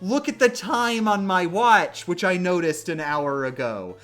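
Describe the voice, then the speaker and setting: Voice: medium pitch, expressive, measured pace, a bit bright, faint music behind. A streamer hamming up a bragging warlord. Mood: flustered. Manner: smug, bragging, flustered when caught out. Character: boastful self-important male warlord. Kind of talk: comic retelling with put-on voices.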